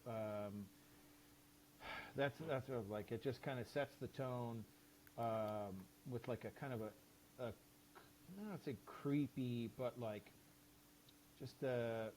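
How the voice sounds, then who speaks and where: A man's voice: medium pitch, slow pace, pauses often, a little mellow, slight background noise. A man who is a podcast guest, chatting casually in a rambling, enthusiastic way with many fillers and swears. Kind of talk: casual chat.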